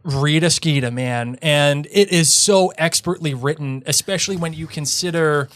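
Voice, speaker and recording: A man's voice: fairly high pitch, moderate pace, fairly bright tone, a little hiss or hum. A man co-hosting a podcast, chatting casually with enthusiastic, playful interjections. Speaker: podcast co-host. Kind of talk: casual chat.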